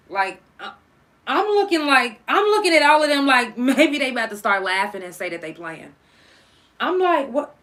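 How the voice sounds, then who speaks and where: A young woman hosting a podcast, telling a personal story in casual, profane, animated talk and acting out the people she quotes. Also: a little high, moderate pace.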